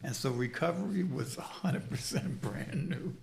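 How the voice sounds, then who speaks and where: A man's voice: on the high side, lively intonation, normal speed, gravelly. A man in his sixties from New York City telling his recovery story in an interview, blunt and profane, with a streetwise manner. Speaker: guest.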